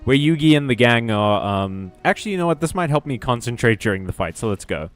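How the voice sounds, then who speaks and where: A man's voice: mid-range voice, lively intonation, fast, faint music behind. A man streaming a video game, chatting casually in a rambling, self-deprecating way and swearing freely. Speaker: VTuber streamer. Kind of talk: casual gaming stream chat.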